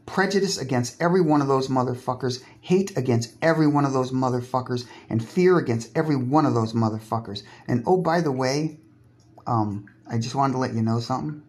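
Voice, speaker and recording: A man's voice: mid-range voice, a little fast, a little mellow. Profane man ranting from a bathtub. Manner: profane, sarcastic, provocative, breaks off and restarts words. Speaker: podcaster. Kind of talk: solo monologue rant.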